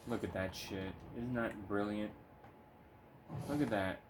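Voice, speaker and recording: A man's voice: lowish voice, unhurried, background noise. Laid-back swearing gamer guy. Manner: laid-back, swears freely, coos baby talk at his cat. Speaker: gaming video creator. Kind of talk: casual gameplay commentary. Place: home room.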